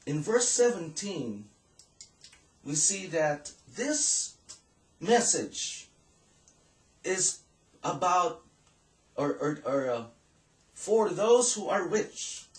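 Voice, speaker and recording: A male pastor delivers a measured sermon, pausing often and reading scripture aloud. His voice sits a little high for a man, and it comes from a distance across an echoey church hall. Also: big pitch swings.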